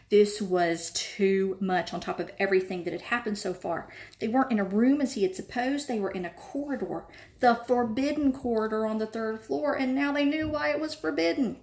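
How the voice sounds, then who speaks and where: A woman reading a novel aloud with lively storytelling. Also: medium pitch, normal speed. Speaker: reader.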